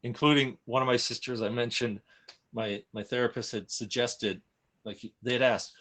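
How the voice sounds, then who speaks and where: A man speaks candidly about a difficult time, his voice sitting in a middle pitch. He is emotional and frank, and he trips over and restarts his sentences as he goes. It is loose, conversational storytelling, not a prepared speech. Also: steady tone, normal speed, fairly bright tone. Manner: emotional, open, frequent restarts and self-corrections. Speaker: guest sharing a personal story. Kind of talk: candid personal storytelling in casual chat.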